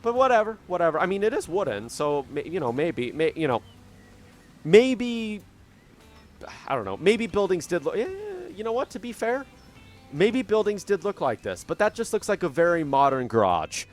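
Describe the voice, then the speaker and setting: A man's voice: high voice, very animated, moderate pace, faint music behind. A young man hosting a gaming channel, casually commenting on his gameplay, chatty and self-mocking as he thinks aloud at a desk microphone at home. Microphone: desk microphone at a computer.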